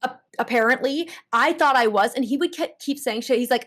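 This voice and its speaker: A young woman, a guest contestant, telling her story in casual interview chat, animated, with many restarts and laughs. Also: sits high, a little fast.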